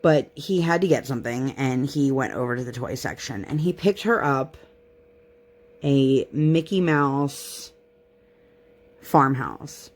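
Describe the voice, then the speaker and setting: A woman's voice: very deep voice, takes it slowly. A young woman chatting casually on her crafting vlog, rambling and self-deprecating as she talks close to the mic. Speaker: crafting vlogger. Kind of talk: casual chat while crafting.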